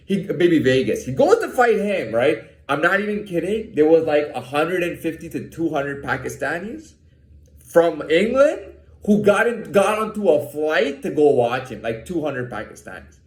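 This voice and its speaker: His voice sits a little high and sounds roomy as he talks in a loose, rambling monologue. The man is profane and repetitive, often restarting and tripping over words while he rants in aggravation.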